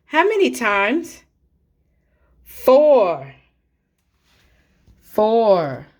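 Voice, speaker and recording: Slow, clear-spoken woman teacher for small children. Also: a little high, big pitch swings. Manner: slow and deliberate, counting and clapping out names for small children.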